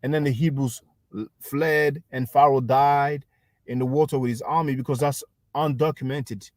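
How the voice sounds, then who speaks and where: A man's voice: medium pitch, fairly even intonation, darkish tone, dry recording. Dry, close man explaining history. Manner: measured, explanatory, addresses listeners as brothers and sisters. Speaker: livestream host. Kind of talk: casual history discussion.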